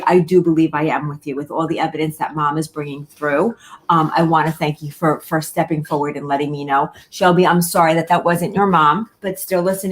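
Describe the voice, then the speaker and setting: A woman giving a live online reading as a medium, addressing viewers by name, repeating key words and reassuring them gently. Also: low-pitched.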